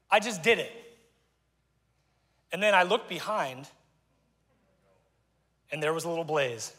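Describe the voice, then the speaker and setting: A man's voice: sits high, normal speed, long pauses, pushed and bright. A middle-aged man preaching a sermon to his congregation, conversational and joking, with asides to the crowd. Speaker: pastor. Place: church auditorium. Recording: long church hall reverb.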